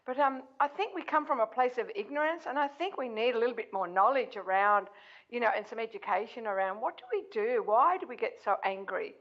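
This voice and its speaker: A woman's voice: fairly high pitch, fairly quick, lo-fi sound. A woman on a studio panel telling a personal story, acting out what people said. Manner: storytelling, acts out quotes. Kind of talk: casual panel discussion.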